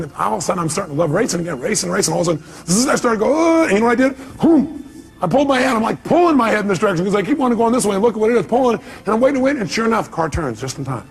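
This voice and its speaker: A man's voice: high-pitched, gravelly. A middle-aged man giving a live motivational seminar talk, telling stories animatedly and acting out voices and exclamations. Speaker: motivational speaker.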